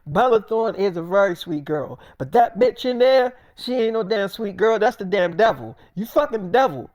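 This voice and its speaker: A man's voice: high-pitched, lively intonation, moderate pace, darkish tone, no room sound, studio quality. A man voicing his hot-headed best friend who rants with constant profanity and threats. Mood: angry. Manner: profane, aggressive ranting.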